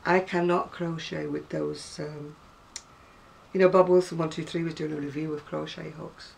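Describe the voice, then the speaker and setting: Gravelly older northern English woman. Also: deep voice, steady tone, normal speed, darkish tone, recorded from a distance, a little hiss or hum. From North West England. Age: 60s. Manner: chatty and rambling, with frequent laughs. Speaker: craft seller. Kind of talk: casual chat to camera.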